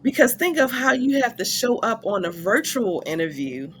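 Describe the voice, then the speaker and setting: A woman's voice: on the high side, sing-song, moderate pace, slight background noise. A woman hosting a casual interview, affirming her guest often and speaking with feeling. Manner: warmly affirming, frequent yeses. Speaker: host.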